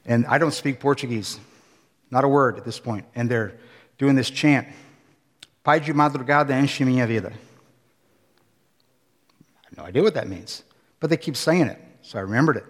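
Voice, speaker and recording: Animated man preaching in a reverberant hall. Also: medium pitch, unhurried, long pauses, breathy edge. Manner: animated storyteller, acts out scenes. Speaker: pastor. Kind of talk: sermon storytelling. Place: church hall.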